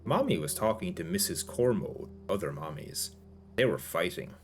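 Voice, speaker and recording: A man's voice: sits low, expressive, moderate pace, music in the background. A man voicing a young woman with a child's mind who speaks in short, simple, childlike sentences, read aloud as a story. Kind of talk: audiobook-style reading.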